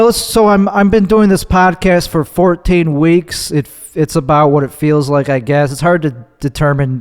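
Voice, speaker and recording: A man's voice: fairly high pitch, darkish tone, big-room sound. A man hosting his own podcast, delivering a rambling, profane, sardonic comedic monologue that keeps cutting itself off. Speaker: podcast host.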